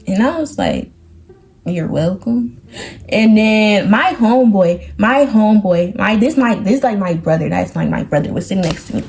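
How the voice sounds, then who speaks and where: A teenage girl chatting through a storytime vlog, animated, quoting people by lowering or raising her voice. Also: moderate pace, soft background music. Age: teens. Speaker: vlogger.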